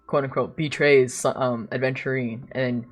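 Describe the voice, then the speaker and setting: A woman with a strikingly deep, low voice, talking through a game stream in a loose, rambling way. She is sarcastic and swears freely, with faint game music running behind her. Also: fairly even intonation, a little slow. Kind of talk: casual stream commentary and story recap.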